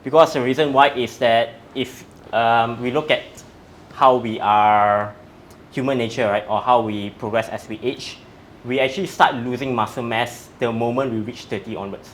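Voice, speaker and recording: A man's voice: mid-range voice, fairly even intonation, moderate pace, a little hiss or hum. A man, a strength coach, explaining in an interview in a methodical, step-by-step way. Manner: methodical, breaks facts down step by step.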